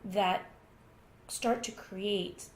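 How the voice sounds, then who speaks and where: A woman guest in an interview, telling a personal parenting story in a lively conversational way. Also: medium pitch, very slow. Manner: animated storytelling, acts out quoted voices. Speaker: guest author. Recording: echoey room with faint noise.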